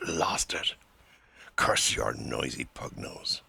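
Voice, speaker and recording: A man's voice: medium pitch, expressive, moderate pace, creaky, pushed and bright, voice pushed up, full character voice. A man murmuring a distracted man's clipped inner thoughts. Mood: wistful.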